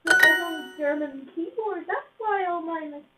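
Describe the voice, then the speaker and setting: A woman's voice: extremely high pitch, normal speed. A woman chatting in the background, grumbling casually about a small annoyance. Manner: chatty, complaining aside. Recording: distant, echoey, tinny and noisy.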